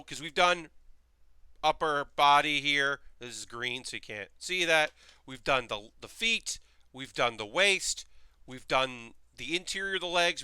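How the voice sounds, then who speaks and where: A man's voice: on the high side, sharp tone, clean tone, dry recording. A man hosting a live stream in casual, rambling chat, reading messages from his chat aloud as he builds model kits.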